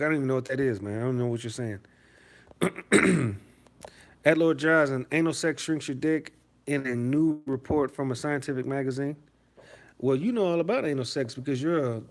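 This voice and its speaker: A man from Detroit hosting a live stream, reading out chat messages and answering them in a rambling, profane, mocking way. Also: medium pitch. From Detroit, USA.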